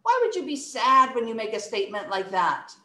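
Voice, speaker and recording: In an echoey room, a woman in her thirties leads an online poetry-reciting lesson for children. Her fairly high voice moves a little fast, and she is animated, acting out emotions as she speaks.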